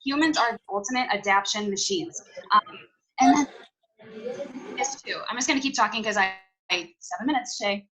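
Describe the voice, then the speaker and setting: A young woman talks to her team over a video call from home, chatty and emphatic, often saying each key point twice. Her voice is bright and forward, at a middle pitch. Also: normal speed, rough recording. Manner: chatty, emphatic, repeats key points, lots of "you guys" and "like". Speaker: team leader recapping a conference. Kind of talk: casual motivational talk on a video call.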